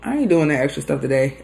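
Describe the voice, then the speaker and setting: Chatty young woman with a low voice. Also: gravelly. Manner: chatty, talking while eating, playful and animated. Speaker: mukbang host. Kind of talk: casual chat to a live audience.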